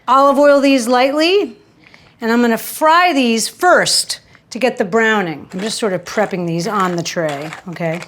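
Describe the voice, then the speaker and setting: A woman's voice: on the high side, a little slow, fairly bright tone, rough recording. A woman hosting a casual cooking demonstration in a kitchen, chatty and candid, teasing herself and breaking into sudden exclamations. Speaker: cooking show host.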